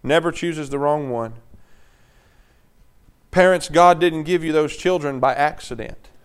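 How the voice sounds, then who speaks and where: A man's voice: on the high side, unhurried, clear, resonant tone. A man preaching a sermon in a conversational way, often checking in with his congregation.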